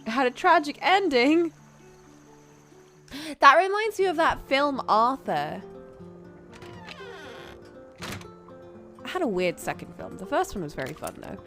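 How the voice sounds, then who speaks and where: A woman streamer chatting playfully over a game she is playing, reacting out loud and talking back at its characters. Her voice sits high and swings widely in pitch, with faint game music running behind her. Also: lively intonation, slow pace, long pauses. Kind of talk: casual live game commentary.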